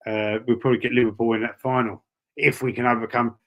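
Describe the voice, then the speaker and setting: A man's voice: mid-range voice, level tone, fast, lo-fi sound. Matey Cockney man chatting on stream. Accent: London Cockney. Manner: chatty, matey, rambling with repeated words. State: breathy asthma-wheezy at times. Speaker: livestream host. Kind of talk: casual live chat reading viewer comments.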